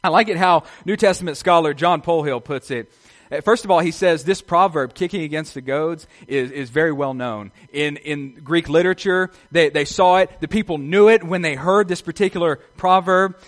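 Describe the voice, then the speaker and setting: A man's voice: a little high, normal speed. A man preaching a sermon, his voice climbing and falling sharply in volume as he asks his listeners questions. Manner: rises and drops sharply in loudness, asks the congregation questions. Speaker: pastor. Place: outdoors.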